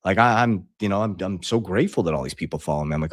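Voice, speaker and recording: A middle-aged coach talks straight to his followers in a very deep voice, blunt and profane, circling back and restarting as he goes. The sound is dry and close. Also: expressive, fast talker, few pauses, no room sound. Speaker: online coach. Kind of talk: casual storytelling to followers.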